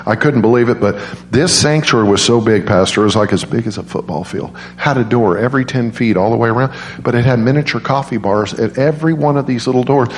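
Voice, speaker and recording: A man preaching a sermon as a guest speaker, telling stories in an animated way and leaping into high voices for quoted people. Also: fast talker, slight background noise. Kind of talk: storytelling sermon. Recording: roomy church echo.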